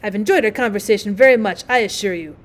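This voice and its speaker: A woman's voice: medium pitch, fast, close to an everyday voice. A woman reading aloud, voicing a self-satisfied frog who talks on and on in a gushing manner. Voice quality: gushing, talkative.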